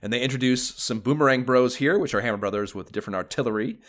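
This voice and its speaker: A man co-hosting a podcast, chatting casually about retro video games, excitable, swearing freely and laughing often. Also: medium pitch, fast talker. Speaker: podcast co-host.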